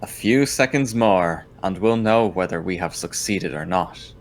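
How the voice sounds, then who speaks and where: A man voicing a calm, self-assured lead scientist in a comic read-aloud, measured and earnest. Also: low voice, a little hiss or hum.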